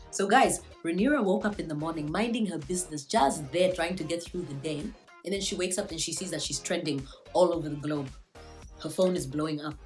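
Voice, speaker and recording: A woman's voice: on the low side, a bit bright. A woman recapping a TV episode in a casual vlog, joking and slangy. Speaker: TV show reviewer.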